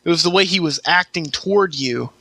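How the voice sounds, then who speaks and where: Bright, gravelly man chiming in casually. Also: a little high, brisk, no room sound, rough recording. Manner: short agreeing replies, hesitant starts. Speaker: podcast co-host. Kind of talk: casual podcast chat.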